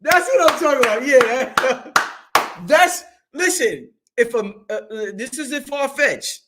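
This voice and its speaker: Excitable high-voiced man hosting a show. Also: slow, background noise. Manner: loud, excitable, swings high and low, laughs often, swears freely. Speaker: show host. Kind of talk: animated livestream monologue.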